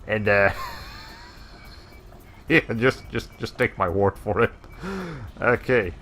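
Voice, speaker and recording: A man's voice: lowish voice, wildly swooping pitch, extremely slow, a bit bright, slight background noise. A man streaming a video game, giving casual, rambling commentary as he plays, laughing often and correcting himself.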